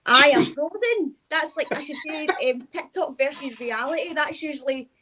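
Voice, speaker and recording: High-voiced chatty Glaswegian woman. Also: pushed and bright, a little hiss or hum. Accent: Glaswegian Scottish. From Scotland. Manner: chatty, with frequent "like" fillers and quick asides. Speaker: guest, urban explorer. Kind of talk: casual chat.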